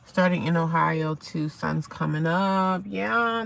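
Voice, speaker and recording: A woman's voice: lowish voice, slow, gravelly, a bit bright, a little hiss or hum. A woman, live-streaming outdoors at sunrise, chatting casually with her viewers and reading their comments aloud. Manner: chatty, talks to viewers and reads chat aloud.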